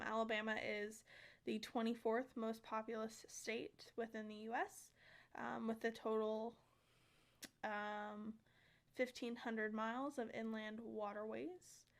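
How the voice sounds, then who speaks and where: A woman's voice: fairly high pitch, gravelly. A woman co-hosting a casual podcast, reading out facts with frequent ums and a slight Southern lilt at times. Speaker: podcast co-host.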